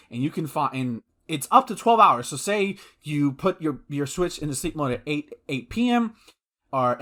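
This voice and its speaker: Man, casual podcast chat, slightly high voice, rambling, lots of ums and likes, excited, swears. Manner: rambling, lots of fillers and restarts. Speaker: podcast co-host.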